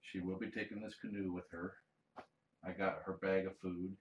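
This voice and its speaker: Deep-voiced man cooing to a cat, roomy. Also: flat delivery, moderate pace. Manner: soft-spoken, coos fondly to a cat; explains plainly, often restarting phrases. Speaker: cat fosterer streaming live. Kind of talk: casual livestream chat. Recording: roomy sound, mic some distance away.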